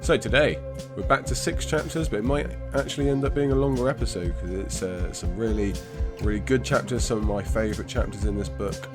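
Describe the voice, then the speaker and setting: Male podcast host, low-pitched, stuffy and scratchy-throated, rambling and self-deprecating, faint music underneath. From England. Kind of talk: casual podcast chat about books.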